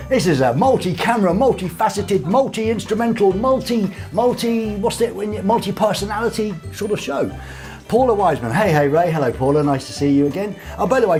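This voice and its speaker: A man's voice: sits high, a little mellow. A man hosting a casual live show from a small studio, reading out viewer comments with cheeky, rambling jokes. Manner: jokey, rambling, cheeky asides.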